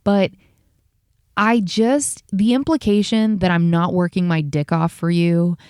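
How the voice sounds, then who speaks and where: A woman with a lowish voice pours out a heated, profane rant as a podcast host, talking fast. She sounds tired after a long day. The recording is dry and close, with no room sound. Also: steady tone, a little mellow, clear, resonant tone, no echo. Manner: heated, profane, rapid-fire venting.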